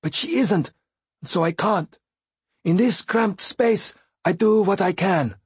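A man voicing a high, anguished blind tumbler. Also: slow pace, slightly rough, no room sound, full character voice. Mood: wistful. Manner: intense and pleading. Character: blind, bitter, desperate male former tumbler. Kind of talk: audiobook character voicing.

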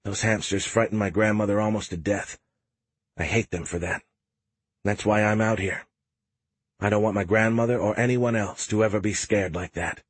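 A man's voice: on the low side, fairly even intonation, moderate pace, breathy edge, no room sound. A man voicing a blunt young woman soldier. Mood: somber. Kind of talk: audiobook character voice.

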